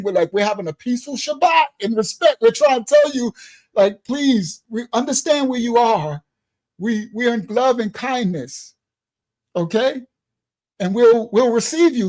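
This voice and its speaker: High-voiced man preaching with streetwise warmth. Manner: animated, streetwise, laughing while he tells stories. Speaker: ministry leader. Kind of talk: livestream preaching to his congregation.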